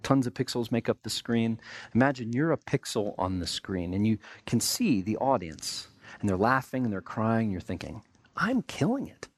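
A man's voice: fairly low pitch, moderate pace. An American man preaching a sermon in a conversational way, acting out everyday people's remarks in quotes. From United States. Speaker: pastor.

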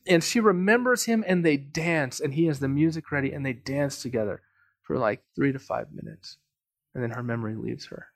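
A man preaching as pastor, telling a story earnestly and swinging from emphatic lines to hushed ones. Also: on the high side, no room sound, studio quality. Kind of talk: sermon. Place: church.

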